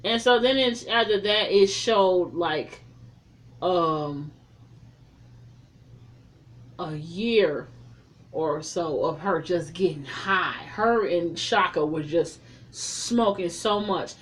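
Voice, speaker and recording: A woman's voice: fairly low pitch, slow pace, pauses often. Woman cursing through a casual movie recap. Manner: animated storytelling, heavy slang and cursing. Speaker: film reviewer.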